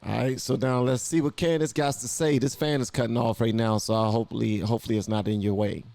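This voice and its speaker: A man hosts a reaction video in a casual, colloquial way, often circling back and repeating his points. His voice sits in an ordinary middle pitch and the sound is close and dry. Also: fairly even intonation, quick pace, creaky, darkish tone, no room sound. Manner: loose, colloquial, repeats himself.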